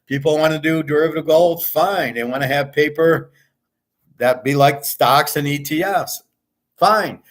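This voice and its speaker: A man's voice: fairly high pitch, measured pace. A man hosting his own show, ranting in a fed-up, profane monologue and reading out his own comments. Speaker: sports betting and gold commentary host.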